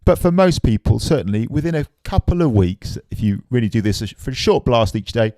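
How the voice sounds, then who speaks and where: A man giving a relaxed, chatty drum lesson, often tossing in "man". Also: mid-range voice, fairly quick, hardly any pauses, loud music behind the voice. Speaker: drum teacher. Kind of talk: casual spoken drum lesson.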